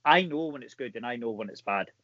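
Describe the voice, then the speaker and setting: A man's voice: medium pitch, animated, bright, forceful tone, dry recording. Scottish man on a dull, dry video call. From Scotland. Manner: chatty and candid, quick to laugh. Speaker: guest actor. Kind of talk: casual podcast interview. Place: his home.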